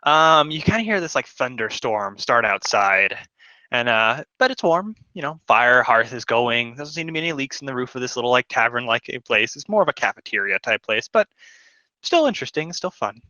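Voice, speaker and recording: A man's voice: medium pitch, sing-song, moderate pace, bright, forceful tone, dry recording, highs cut off. A man narrating a tabletop game as game master, in a rambling way full of fillers.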